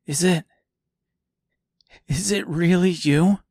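A man's voice: high-pitched, takes it slowly, a little mellow, husky, dry recording, voice pushed up, exaggerated voice. A man voicing a timid, hesitant male scarecrow who is a bit simple-minded. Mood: amazed.

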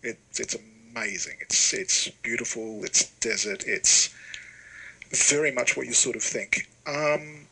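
A man's voice: mid-range voice, a little slow, gravelly, sharp tone, slightly rough, rough recording. A man explaining at length in a casual podcast chat, with many fillers. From Australia.

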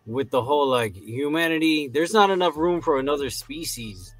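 Lively-pitched man on a podcast. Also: no echo, soft background music. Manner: loose, swearing, quick reactions. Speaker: podcast co-host. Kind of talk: casual recap chat.

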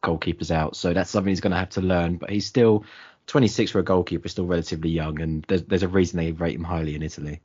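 A man breaks down a player's strengths in a relaxed podcast chat. The audio is a little dull and lo-fi. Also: low-pitched, fast, slightly rough. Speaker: podcast co-host. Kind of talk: casual football chat.

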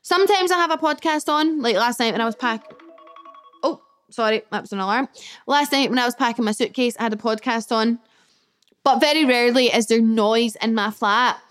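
A young woman hosting her own podcast from her flat, chatting candidly, swearing casually, and reacting to listener comments she reads aloud. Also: fairly high pitch, brisk, clean tone, soft background music. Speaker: podcast host. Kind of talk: casual solo podcast chat.

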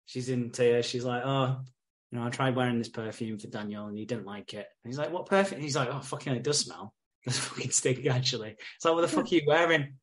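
A British man hosts a podcast, recapping episodes in casual chat and acting out the characters' lines in an animated retelling. He swears and laughs frequently, speaking fast with a medium-pitched voice.

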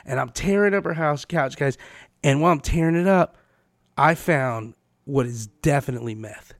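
A man chatting casually on a podcast, telling crude, animated stories and swearing a lot. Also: on the high side, normal speed, no room sound, studio quality.

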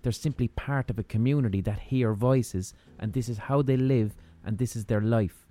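A man's voice: mid-range voice, normal speed, dark tone. A man hosting a podcast who asks curious, rambling questions and repeats himself as he thinks aloud. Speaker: podcast host. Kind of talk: conversational interview questions.

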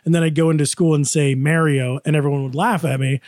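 Higher-voiced man, playful podcast chatter. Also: very fast, dry recording, studio quality. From upstate New York. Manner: animated, questioning, playfully indignant storyteller. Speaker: podcast co-host. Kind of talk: casual chat.

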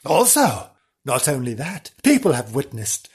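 A man's voice: mid-range voice, big pitch swings, fairly quick, husky. A man hosting a podcast, telling a comic ghost story in a theatrical, hammy way with lots of repetition. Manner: theatrical, hammy, repeats for effect.

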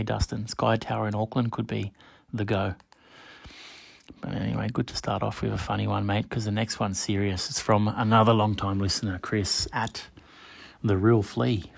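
Gravelly-voiced man hosting a podcast. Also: fairly low pitch, no echo. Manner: chatty, addresses listeners directly by name. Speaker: podcast host. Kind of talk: casual solo podcast monologue.

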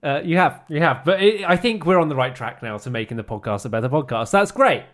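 A man's voice: a little high, lively intonation, fast, a bit bright. Dry, teasing man co-hosting a podcast. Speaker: podcast co-host. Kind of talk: casual chat.

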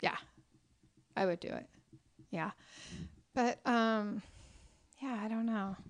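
A middle-aged woman who owns a restaurant and writes cookbooks tells stories in a casual interview, her fairly high voice slow and full of fillers, with frequent laughter. The audio quality is poor.

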